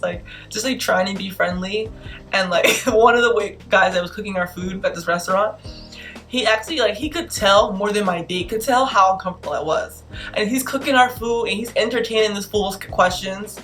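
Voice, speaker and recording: A woman's voice: medium pitch, normal speed, faint music behind. Exasperated young woman telling a story. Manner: animated, exasperated, emphatic. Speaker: vlogger. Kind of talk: casual storytelling vlog.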